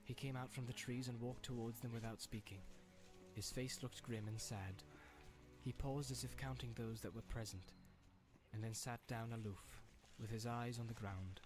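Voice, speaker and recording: A man reading a novel aloud in a measured, even narration. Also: medium pitch. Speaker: reader. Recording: music playing underneath.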